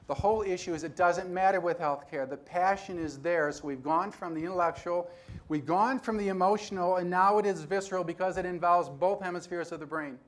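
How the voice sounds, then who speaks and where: A man in his sixties giving a conference talk, telling stories and acting out dialogue with animated energy. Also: high-pitched, fairly quick. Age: 60s. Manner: animated storyteller who acts out dialogue. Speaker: conference speaker. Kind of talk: storytelling keynote talk.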